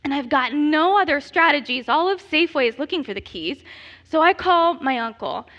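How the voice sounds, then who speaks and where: A woman in her thirties telling a comedic personal story in an animated, self-deprecating way, laughing often. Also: high voice, normal speed, muffled recording.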